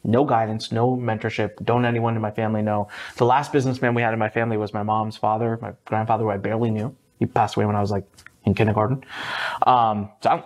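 A man in his thirties, an entrepreneur guest in a podcast interview, telling his story with animated energy and a casual, sometimes swearing manner. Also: fast. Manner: lively, swings up high for quoted voices, mild swearing.

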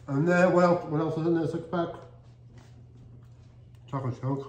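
Recorded in an echoey room with faint background noise, a channel host reviews cookies on his casual vlog, chatting upbeat while chewing. His darkish voice is medium-pitched with fairly even intonation, a moderate pace and long pauses.

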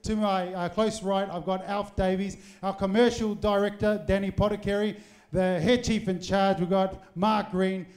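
A man's voice: high voice, level tone, normal speed, a little mellow. A man hosting a live supporters' evening in a packed hotel function room, speaking into a handheld microphone with jokey, rousing asides to the audience. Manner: jokey, rousing crowd address with teasing asides. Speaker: event host. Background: faint crowd of supporters.

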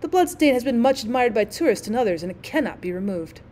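An old housekeeper from a storybook, put on by a woman reading aloud, murmuring in a low, slow, mysterious voice. Her tone is quiet and foreboding, as if warning of something she has seen. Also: animated, a little hiss or hum, lightly acted. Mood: ominous. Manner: low hushed ominous delivery.

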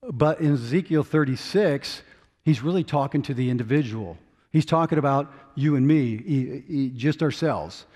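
Male pastor preaching, mid voice, urgent then hushed, in a reverberant sanctuary. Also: mid-range voice, lively intonation, normal speed. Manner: swings from loud urging to hushed, quiet intensity. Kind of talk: sermon. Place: church sanctuary.

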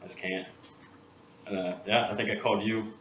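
A lowish male voice tells a fishing tale with lively, acted-out bits of dialogue. He sits back from the mic in an echoey workshop. The sound is a bit dull, with faint hiss underneath. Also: brisk, recorded from a distance. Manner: animated storyteller, acts out others' lines. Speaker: guest angler. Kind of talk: casual storytelling.

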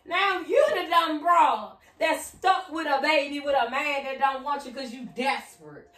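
A woman's voice: high voice, measured pace, a bit bright. A woman giving a casual tarot reading, blunt and profane, who often slips into sing-song chanting. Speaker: tarot reader. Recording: roomy echo, set back from the mic.

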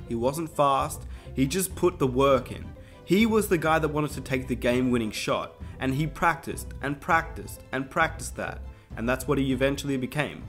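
A man, the channel host, reading scripted commentary in an earnest tone. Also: mid-range voice. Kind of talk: scripted narration.

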